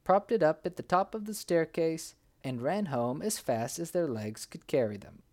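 This is a storybook reading of a folk tale by a man whose voice leans high and whose pace is normal. He narrates energetically and acts out the characters' cries.

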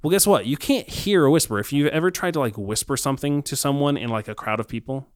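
A man co-hosting a casual faith discussion, talking reflectively with many pauses and ums. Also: mid-range voice, expressive, smooth, no room sound, clean studio sound.

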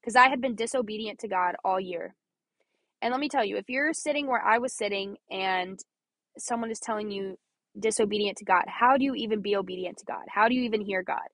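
A woman's voice: medium pitch, fairly quick, a bit bright, dry recording. Earnest young woman sharing her faith. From Missouri, US. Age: young adult. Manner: earnest, chatty, laughs often, repeats phrases. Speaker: podcast host. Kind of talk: personal faith talk.

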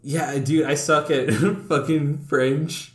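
A man's voice: fairly high pitch, steady tone, slow pace. A young man co-hosting a casual podcast chat, rambling and swearing as he tells a story and laughs along. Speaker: podcast co-host. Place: indoor room. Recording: roomy echo.

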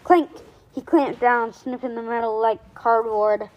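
A woman reading a children's chapter book aloud in a lively way, doing voices for the characters. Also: fairly high pitch, a little slow, lo-fi sound. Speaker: reader.

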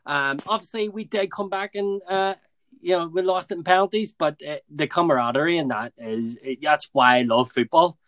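A man's voice: fairly high pitch, normal speed, fairly bright tone, no room sound. A man chatting casually as a podcast guest, easygoing, with frequent laughs and fillers. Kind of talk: casual chat.

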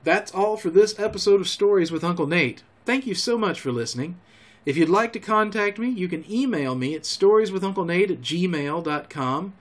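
A podcast storyteller with a high-sitting voice reads a classic adventure novel aloud, measured and expressive.

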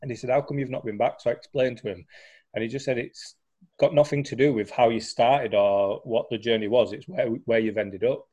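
The audio is dull, and the young man's medium-pitched voice sounds mellow and fairly quick, with fairly even intonation. As a guest in casual conversation, he tells his recovery story in a chatty way full of fillers and restarts.

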